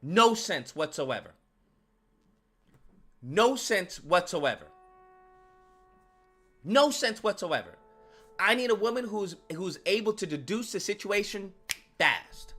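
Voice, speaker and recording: A man rants through his commentary with a swinging, animated pitch and a sharp, bright tone. He hammers his points home by repeating phrases and swears freely. Soft music plays faintly underneath. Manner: emphatic, repeats lines for effect, profane. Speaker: commentary channel host. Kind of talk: opinionated commentary rant.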